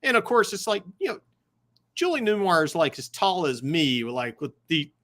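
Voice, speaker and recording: A man's voice: on the high side, big pitch swings, normal speed, a bit bright. A man guesting on a podcast, chatting casually and hesitantly with lots of fillers. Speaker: podcast guest, comic writer. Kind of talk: casual chat.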